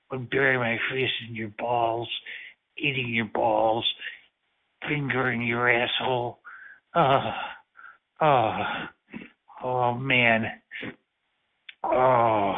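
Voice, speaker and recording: Man, chatline caller, slow, rambling, moaning, mid-pitched, tinny phone line. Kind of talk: explicit phone chat.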